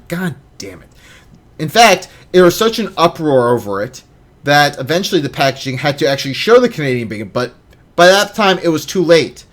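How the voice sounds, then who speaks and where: A man in his thirties hosting a casual podcast chat, jokey and animated, swinging between loud bursts and mumbles. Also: a little high, a little fast. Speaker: podcast host.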